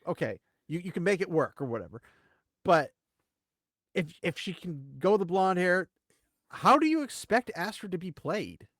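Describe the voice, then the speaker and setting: A man co-hosting a casual commentary chat, rambling and animated, swinging between loud bursts and quiet asides. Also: high-pitched, moderate pace, dry recording, studio quality. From United States. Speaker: co-host.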